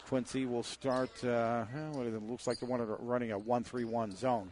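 A man calling a high school girls' basketball game as the radio play-by-play announcer, rattling off passes and shots and catching his own slips. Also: little pitch movement, a little mellow, a little hiss or hum. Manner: rapid running commentary with quick self-corrections.

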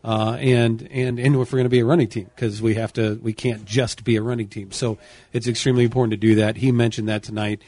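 A man's voice: mid-range voice, flat delivery, fast, warm tone, no room sound. A man commentating on a postgame football radio show, out of breath and earnest. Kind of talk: postgame radio sports talk.

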